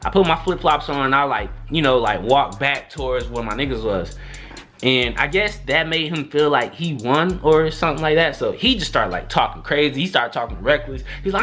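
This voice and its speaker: A man's voice: fairly quick, soft background music. A young man vlogging a storytime in a loose, slangy way, acting out what others said with big jumps in his voice. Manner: animated, slangy, acts out quotes with big pitch jumps. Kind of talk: storytime monologue.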